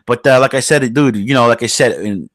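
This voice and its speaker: A man's voice: medium pitch, a little fast, a bit bright, no room sound. A blue-collar New man riffs on a podcast, cursing freely and joking through his rants. His mid-range voice sits dry and close on the mic, with no room sound at all. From New York. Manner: profane, rambling, joking, blue-collar bluster. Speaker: podcast host. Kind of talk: casual podcast chat.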